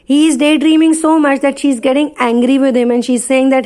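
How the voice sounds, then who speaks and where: A woman from India telling a tarot channeling reading as a chatty story, with quick asides. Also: sits high, little pitch movement, a little mellow.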